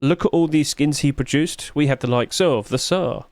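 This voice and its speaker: A sleepy man chatting his way through game skin reviews, rambling along with sudden high-pitched exclamations. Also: normal speed, darkish tone, no echo. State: sleepy, yawning. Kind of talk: casual screen commentary.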